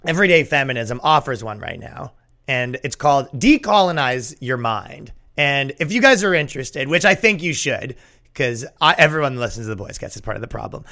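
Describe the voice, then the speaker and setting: A man hosting a comedy podcast, riffing sarcastically and jumping up in pitch for mocking asides. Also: animated, a little fast, pushed and bright. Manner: sarcastic, jumps in pitch for mock quotes.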